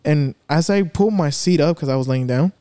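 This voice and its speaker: A man's voice: on the high side, moderate pace, mellow, clear, resonant tone, dry recording, clean studio sound. A young man telling a rambling, profane story among friends at home, slipping in Spanish phrases. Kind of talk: casual chat among friends.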